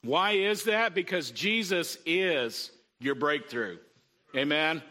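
A middle-aged pastor preaching a sermon in a conversational way, often calling out "Amen?" to the congregation. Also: male voice, fairly high pitch, lively intonation, slow, sharp tone. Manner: conversational preaching with frequent "Amen?" call-outs.

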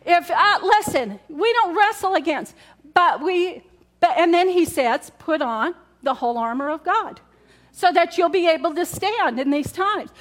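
High-voiced woman preaching a conversational sermon. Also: expressive, measured pace. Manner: conversational, repetitive, asks the congregation questions. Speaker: pastor. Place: church in front of a congregation.

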